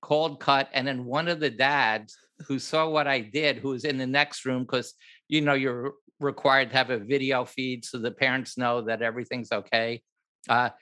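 An older man spins a lively behind-the-scenes story in an interview, slipping into other people's voices as he goes. His tone is bright and forceful, with a middle-pitched voice. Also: normal speed. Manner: animated, acts out other people's lines, laughs at his own story. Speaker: film director guest.

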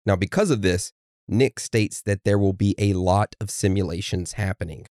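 Low male voice, podcast co-host who leads the segments, plain dry recording. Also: steady tone, normal speed, a little mellow, dry recording. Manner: steers the episode, reads from notes. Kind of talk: casual podcast chat.

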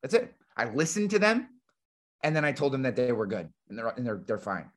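Teaching live on a webinar through a remote call, the man sounds very animated, with a mid-range voice and a slightly fast pace. He owns an insurance agency, hosts a podcast, and talks casually and bluntly, leaning on fillers and dropping the odd curse.

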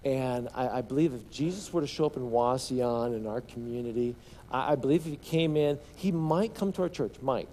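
A man's voice: mid-range voice, moderate pace, dark tone, a little hiss or hum. Man preaching a sermon. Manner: call-and-response with congregation; restarts and repeats words. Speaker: pastor.

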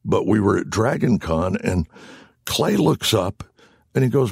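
A man, a voice actor guest on an interview show, telling stories in an animated, self-deprecating way and laughing along as he goes. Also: fairly low pitch, a little slow, gravelly, husky, no room sound, studio quality. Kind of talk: anecdotal storytelling in conversation.

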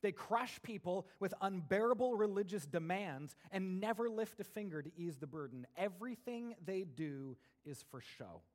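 A man with a high voice delivers a lively sermon to his congregation. He drops into soft, conversational asides, then climbs into loud, emphatic bursts as he drives a point home. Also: normal speed, few pauses. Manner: animated preaching, swings between soft asides and raised emphatic bursts. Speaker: pastor.

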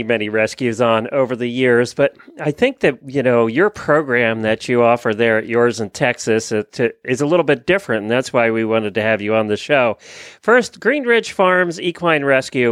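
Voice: medium pitch, lively intonation, moderate pace, a bit bright, no echo. A podcast host chatting and interviewing, teasing and laughing often. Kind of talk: casual chat and interviewing.

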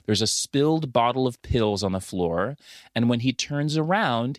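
A man co-hosting a podcast, retelling a film with lively profanity, frequent laughter and acted-out quotes. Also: mid-range voice, dry recording, studio quality. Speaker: podcast co-host. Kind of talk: casual movie recap chat.

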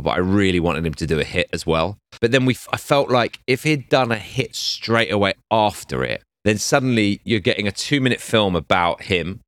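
A middle-aged man, an executive producer telling lively behind-the-scenes stories in an interview. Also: lowish voice, no echo, studio quality. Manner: lively storyteller acting out quoted voices. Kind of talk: animated anecdotal interview.

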